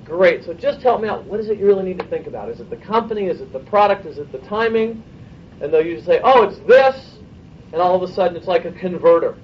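A man coaching his sales team in a meeting, brisk and persuasive, checking in with "okay?" and firing off rhetorical questions. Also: high voice, animated, recorded from a distance, highs cut off, slight background noise. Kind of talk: sales training talk to a room.

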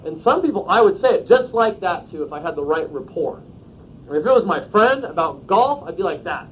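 A man's voice: very animated, brisk. A man leading a sales training session, talking directly and often checking in with the group. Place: training room, filmed on video camera. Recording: dull lo-fi video with faint rumble.

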